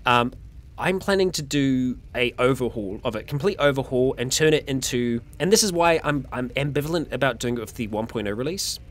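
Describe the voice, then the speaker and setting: A man's voice: mid-range voice, animated, fairly quick. A young man, chatting casually on a livestream and answering viewer questions, a little tired. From New Zealand. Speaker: streamer.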